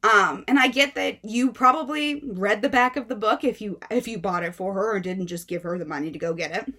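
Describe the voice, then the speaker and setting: Animated young woman book vlogger. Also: mid-range voice, a little fast. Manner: animated, exasperated retelling with many fillers. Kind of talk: casual storytelling.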